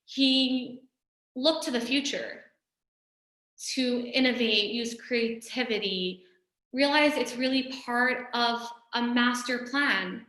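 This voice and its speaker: Bright-voiced woman teaching with echo. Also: a little high, slow. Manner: conversational, storytelling, frequent "you know". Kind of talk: recorded Torah lesson. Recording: echoey room.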